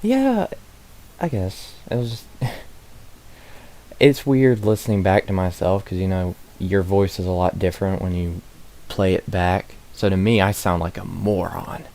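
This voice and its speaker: A man's voice: low voice, unhurried, creaky, a little mellow. A man chatting casually as a stream guest, laughing often and poking fun at himself. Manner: laughs often, self-deprecating. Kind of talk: casual chat. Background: stream music.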